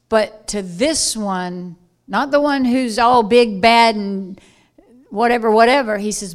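Woman preaching slow and chatty, kinda high voice, gets loud acting stuff out. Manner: animated, acts out scenes with sudden loud bursts. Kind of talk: informal sermon. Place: room with listeners.

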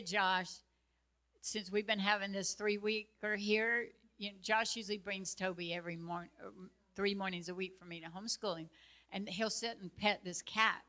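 A woman telling a story casually to a group, animated and chatty, laughing easily. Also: mid-range voice.

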